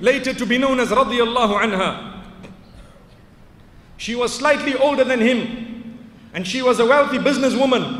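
A man's voice: very high voice, a bit bright. A man preaching in a mosque, telling stories with rhetorical questions and rising to emphatic outbursts. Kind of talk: lecture in a mosque. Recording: echoey hall with long reverb.

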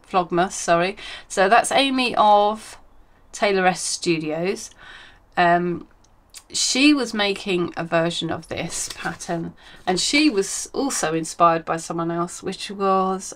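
Lady rambling about her crafts at home, lots of ums, chatty and relaxed. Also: lowish voice. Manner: chatty and rambling, many ums and self-corrections. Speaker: crafting podcast host. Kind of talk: casual chat.

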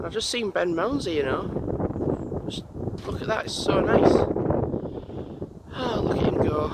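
A man, vlogging casually and rambling aloud as he walks outdoors. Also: fairly high pitch. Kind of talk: casual walking vlog chat. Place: outdoors on a lane by a busy road. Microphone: handheld camera while walking. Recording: wind and traffic noise outdoors.

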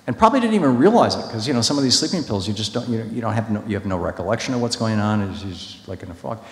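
A man's voice: lowish voice, animated, racing. A man telling a story to an audience in a conversational, emphatic way, with many restarts and fillers. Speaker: speaker at a public talk. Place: large hall. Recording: echoey hall.

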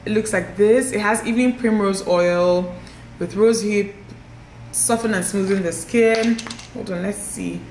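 A woman's voice: medium pitch, a little slow, a little mellow, reverberant, a little hiss or hum. A young woman, chatting effusively to viewers as she unboxes a haul at home. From Nigeria. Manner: effusive, exclaiming and addressing viewers as guys. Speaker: vlogger. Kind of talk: casual haul vlog.

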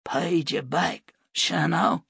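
A man voicing a wounded, loyal young gunfighter who talks weakly and slowly. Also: mid-range voice, a bit bright, no room sound, studio quality, voice pushed up, heavily acted. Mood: weary. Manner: weak, breathy and slow.

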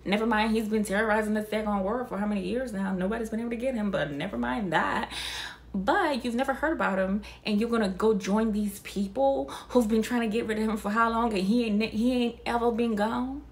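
Young woman vlogger, incredulous and expressive, fairly high voice, casual reaction chat. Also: a little fast. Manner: animated, incredulous, swears freely. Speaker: vlogger reviewing a film.

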